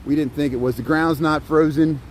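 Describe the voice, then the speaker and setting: A middle-aged man talks to his livestream viewers while he walks outdoors through wet snow, his voice set a touch high for a man. He rambles, chuckles often and greets people by name, with faint traffic hum around him. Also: steady tone, brisk, a little mellow. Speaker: live-streaming vlogger. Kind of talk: casual walking livestream chat.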